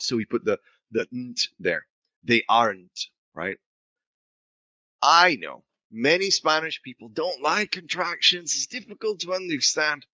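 A man's voice: fairly high pitch, fairly bright tone, no room sound, dull audio. A man teaching an English grammar lesson to Spanish speakers, asking and answering his own questions and switching into Spanish to explain.

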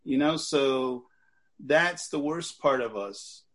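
An American man talking casually as a guest in an online book club, animated and joking, speaking over a video call. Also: mid-range voice, slow. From United States. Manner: animated and joking, breaks into laughter. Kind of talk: casual discussion.

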